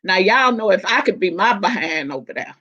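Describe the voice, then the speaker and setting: A woman chatting casually on a live stream panel, animated and laughing often, with colloquial slang. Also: mid-range voice, brisk, husky. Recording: dull lo-fi stream audio.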